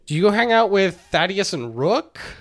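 A young man with a fairly high voice swings his pitch up and down as he recaps a game for a podcast. He swears freely and fills his sentences with "like" and "uh", like a friend retelling a story. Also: very animated, moderate pace, a bit bright. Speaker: podcast co-host. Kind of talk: casual profane game-recap chat.

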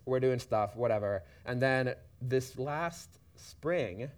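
A man telling a personal story in a church talk, casual and checking in with listeners often. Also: mid-range voice. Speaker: church speaker. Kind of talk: shared sermon talk.

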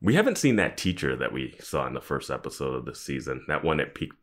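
A man's voice: rumbling low, very animated, quick pace, a bit bright. A man co-hosting a casual podcast, dry and laid-back with joking asides. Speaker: podcast co-host. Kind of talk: casual rewatch podcast chat.

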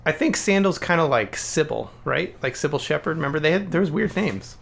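A man with a gravelly, fry-tinged voice co-hosts a casual podcast. He talks eagerly about films and laughs often. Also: a little high, fairly quick. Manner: excited, chatty, laughs often. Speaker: podcast co-host.

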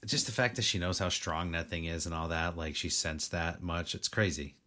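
A man's voice: sits low, steady tone, moderate pace, bright, forceful tone. A man co-hosting a casual chat, teasing his co-host in a joking manner and swearing casually. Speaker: podcast co-host.

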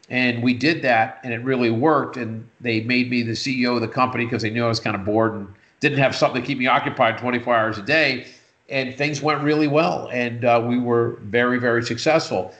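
A middle-aged man and retired businessman, telling an anecdote in casual conversation and jumping high in pitch when he quotes himself. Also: a little fast, a bit bright. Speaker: interview guest, retired businessman. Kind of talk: casual storytelling.

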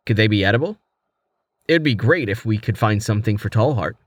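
A man's voice: fairly low pitch, lively intonation, brisk, dry recording. A man voicing a playful young male adventurer in armor, in a casual, everyday voice. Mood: joking.

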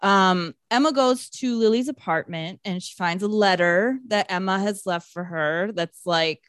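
A woman co-hosting a podcast who recaps a movie casually, with lots of swearing and animated asides. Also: mid-range voice, measured pace, dry recording, clean studio sound. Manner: profane, animated storytelling. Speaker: podcast co-host.

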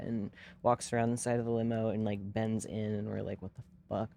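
A man's voice: lowish voice, flat delivery, normal speed, creaky, a little mellow, slight background noise. Young man telling a rambling story. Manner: rambling, profane, lots of fillers. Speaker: podcast co-host. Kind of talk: casual storytelling chat.

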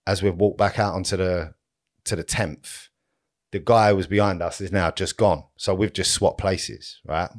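A man with a fairly low voice spins a long anecdote on a podcast. He talks in loose street slang, swears without a second thought and keeps tossing in "right?" to hold his listener. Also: normal speed. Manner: animated anecdote teller, swears freely, leans on "right?" and "yeah?". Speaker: podcast co-host. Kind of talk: casual storytelling chat.

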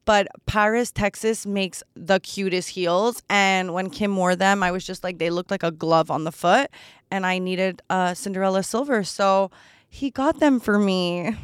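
A woman's voice: mid-range voice, moderate pace, clean tone, no room sound, clean studio sound. A young woman hosting a solo podcast, chatting casually while unboxing gifts, gushing and a little bratty, with lots of "like" fillers. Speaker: podcast host.

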